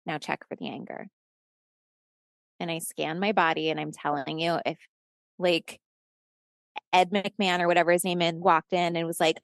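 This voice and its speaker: Gravelly low-voiced woman telling a story. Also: moderate pace, long pauses, dry recording, clean studio sound. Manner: animated storyteller who acts out quoted dialogue; swears and laughs often. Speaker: podcast guest. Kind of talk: storytelling in casual conversation.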